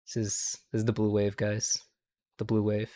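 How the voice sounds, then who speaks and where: A man's voice: on the low side, monotone, moderate pace, warm tone. A young man hosting a livestream, reacting to clips in casual, profane commentary. He rambles, keeps tagging lines with "okay?", and laughs at his own jokes.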